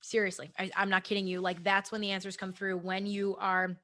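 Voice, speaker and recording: A woman's voice: mid-range voice, little pitch movement, brisk, pushed and bright. Chatty young woman podcast host. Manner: chatty, swearing, many restarts and asides to listeners. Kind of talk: casual chat about goals and meditation.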